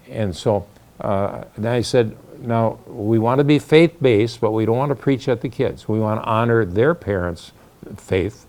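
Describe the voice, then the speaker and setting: A man's voice: fairly low pitch, moderate pace, a little mellow. An older man telling a story in a folksy, casual way, acting out the voices of the people he quotes. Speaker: storyteller recounting the founding.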